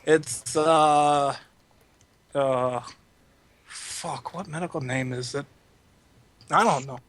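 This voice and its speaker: A man's voice: a little high, slow, fairly bright tone. A man playing a tabletop role-playing game, talking casually, swearing freely and slipping into quoted lines for his character. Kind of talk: casual improvised role-play.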